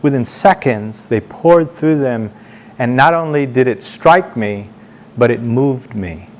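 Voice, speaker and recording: A man's voice: medium pitch, expressive, darkish tone. Man telling stories to a board. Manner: halting, repeats words, slows down for emphasis. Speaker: board member addressing the board. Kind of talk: storytelling speech to a meeting. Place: meeting room, speaking standing before a group.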